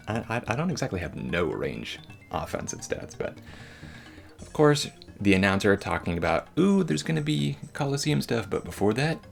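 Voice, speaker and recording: A man's voice: low voice, gravelly. A man giving casual, rambling gameplay commentary as a voice-over, slangy and joking.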